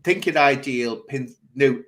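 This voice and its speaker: A man's voice: medium pitch, measured pace, fairly bright tone. A man hosting a casual chat show, telling an anecdote in a theatrical, chatty way and laughing as he goes. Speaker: host.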